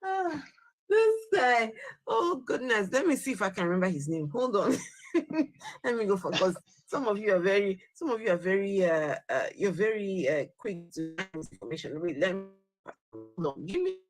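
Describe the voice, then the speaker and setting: A woman hosting a casual livestream chat, animated and quick to laugh and exclaim. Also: medium pitch, no room sound, soft background music. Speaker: livestream host.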